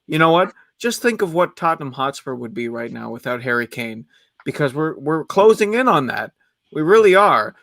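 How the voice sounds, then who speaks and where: A man's voice: on the high side, big pitch swings, moderate pace, creaky, a bit bright, no echo, studio quality. A man calling in to a fan show, ranting with emphasis and repeating words as he builds his point. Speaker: fan caller. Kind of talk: heated fan call-in rant.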